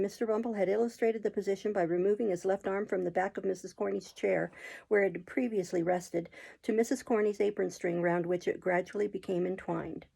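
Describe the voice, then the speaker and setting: Woman with a husky, gravelly reading voice. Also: on the low side, warm tone. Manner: measured storytelling with occasional slips and restarts. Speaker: audiobook reader. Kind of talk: reading a classic novel aloud.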